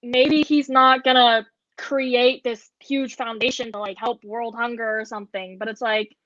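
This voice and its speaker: A woman's voice: on the high side, fairly even intonation, unhurried, fairly bright tone, no echo. A young woman co-hosting a podcast, telling a story in casual chat with lots of filler words. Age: young adult. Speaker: podcast co-host. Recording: dull lo-fi dry sound.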